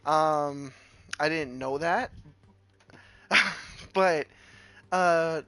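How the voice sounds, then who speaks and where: A man streamer telling a story casually, animated and laughing, with lots of restarts. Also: a little high, very slow, clear, resonant tone.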